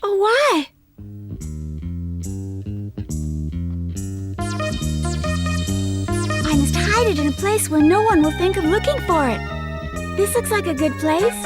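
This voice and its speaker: A woman's voice: high-pitched, huge pitch swings, measured pace, loud music behind the voice, exaggerated voice. A woman voicing a fussy, dramatic grown-up lady in a dubbed cartoon, speaking in an exclaiming, theatrical way. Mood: secretive.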